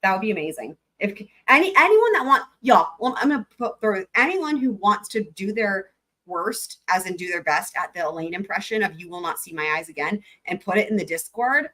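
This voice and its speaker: A woman's voice: mid-range voice, very animated, a little fast, sharp tone. Chatty woman streamer who laughs a lot. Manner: laughing, chatty, swears freely. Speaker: live-stream host. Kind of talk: casual commentary over trial footage.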